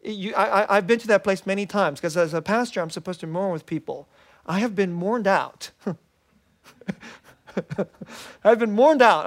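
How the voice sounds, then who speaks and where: Middle-aged pastor guy preaching, high voice, laughs a lot, acts out little quotes. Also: a little fast. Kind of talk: sermon.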